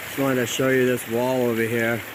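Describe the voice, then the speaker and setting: A man's voice: mid-range voice, flat delivery, fairly quick, noisy background. Breathless man filming outdoors by a canal. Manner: amazed, repeats himself, talks to viewers while walking. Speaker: vlogger exploring brick ruins. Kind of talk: casual walking commentary.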